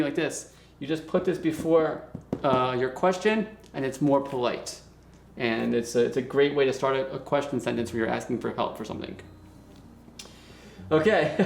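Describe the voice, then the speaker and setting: A man giving a casual video lesson as a language teacher, patiently explaining and repeating words slowly for learners. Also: medium pitch, creaky, a little hiss or hum. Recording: echoey room with faint music.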